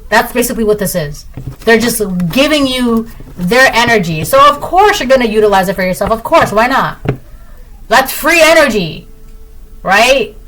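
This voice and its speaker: Woman, tarot reader, casual chatty delivery, rather high voice, repeats herself. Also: expressive, normal speed, a bit bright, slight background noise, poor audio. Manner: chatty, repetitive, tags lines with "right?". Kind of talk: casual collective tarot reading.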